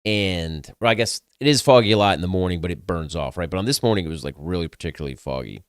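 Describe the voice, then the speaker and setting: A man's voice: low-pitched, lively intonation, fast talker, clear, resonant tone, no echo, studio quality. Crude, candid man telling stories. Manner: candid, crude, self-mocking, swears freely. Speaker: podcast host. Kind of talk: casual storytelling.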